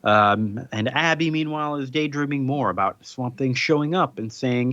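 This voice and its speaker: A man in a relaxed podcast chat, walking through a story beat by beat in a loose, meandering way and slipping into playful paraphrased lines. His voice sits mid-range and sounds dull and dry, like a lo-fi home mic with no room around it. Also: medium pitch, moderate pace, few pauses, no echo. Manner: loose, rambling retelling with playful paraphrased quotes. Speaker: podcast co-host. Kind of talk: casual comic recap chat.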